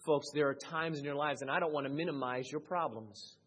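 Male pastor mid-sermon; husky, rises to loud high peaks and drops low and quiet. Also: steady tone, fairly quick.

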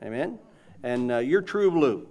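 A man preaching a sermon in an animated, conversational way, asking the audience questions. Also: medium pitch, a little slow, highs cut off.

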